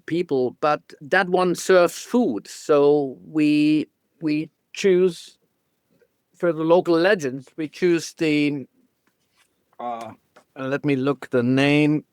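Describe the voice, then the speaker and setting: A man with a German accent, a guest photographer telling stories in a casual interview, halting and restarting often with small laughs. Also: fairly high pitch, clean tone, no echo, clean studio sound.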